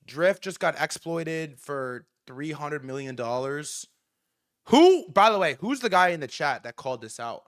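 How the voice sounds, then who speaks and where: A man hosting a casual livestream from outdoors, excitable and profane, rambling with many restarts. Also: a little high, a little slow. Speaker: livestream host. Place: outdoors in New York City.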